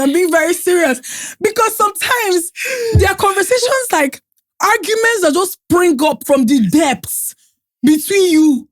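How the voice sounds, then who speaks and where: A woman co-hosting a podcast, telling stories in an animated, emphatic way. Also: high-pitched, dry recording. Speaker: podcast co-host. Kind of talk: casual chat.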